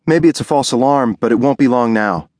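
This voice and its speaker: A man voicing an anxious young pregnant wife in an audiobook, speaking softly and pleadingly. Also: mid-range voice, fairly quick, no room sound, studio quality, voice pushed up, lightly acted. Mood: worried. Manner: pleading, soft and worried. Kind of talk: audiobook character voice.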